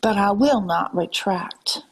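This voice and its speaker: A woman drawls in an exaggerated Southern accent as she scolds her live-stream viewers. She talks slowly, and her voice is husky. She calls her viewers ma'am and darling and slips into breathy half-whispers. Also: medium pitch, animated, low-quality recording. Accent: put-on Southern US drawl. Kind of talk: lecturing live-stream rant.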